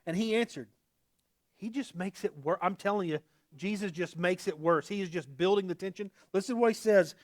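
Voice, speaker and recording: A male pastor delivers a sermon in a high, lively voice that swings between emphatic outbursts and quieter asides. He talks casually and with humor. The sound is close and dry. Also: a little fast, no room sound.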